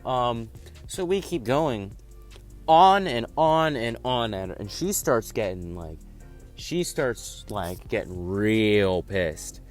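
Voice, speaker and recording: A man's voice: lowish voice, very animated, slow, faint music behind. A teenage guy telling a school story casually, rambling with lots of fillers. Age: teens. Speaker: vlogger. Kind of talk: storytime vlog.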